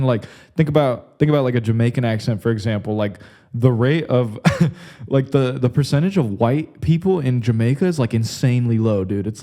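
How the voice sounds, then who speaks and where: A young man rambles through a podcast monologue, swearing freely and leaning on "like" and "bro." His voice sits warm and mellow rather than bright. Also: mid-range voice. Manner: rambling, crude, says "like" and "bro" constantly. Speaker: podcast host. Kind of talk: casual comedic monologue.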